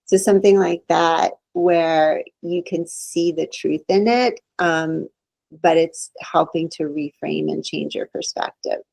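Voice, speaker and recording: Gravelly low-voiced woman, earnest and reassuring. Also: slow, a little mellow, no room sound, rough recording. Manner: earnest, reassuring, acts out quoted inner voices. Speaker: psychologist guest. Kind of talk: explanatory podcast conversation.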